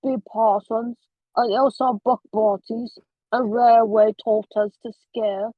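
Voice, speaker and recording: A woman reading aloud as a gruff old man with a thick rural dialect, halting over the odd words. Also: on the high side, steady tone, no room sound, narrow, tinny audio. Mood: grumbling. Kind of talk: amateur read-aloud of a novel.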